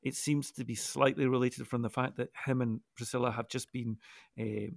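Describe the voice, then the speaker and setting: A man with a gravelly, fry-touched voice lays out his ideas in an unhurried, explanatory way. He often restarts mid-sentence as he thinks. The sound is dry and close. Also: mid-range voice, fairly even intonation, no room sound. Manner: thoughtful, explanatory, with frequent restarts. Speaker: co-host of a Bible discussion podcast. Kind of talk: casual discussion.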